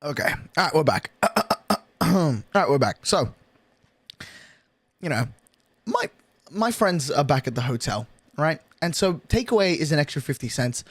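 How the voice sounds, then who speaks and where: A young man streamer telling a story in casual chat, animated and swearing a lot, from his bedroom at night. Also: fairly high pitch, measured pace, pauses often, slightly rough, dry recording. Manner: animated, swearing, excitable rant.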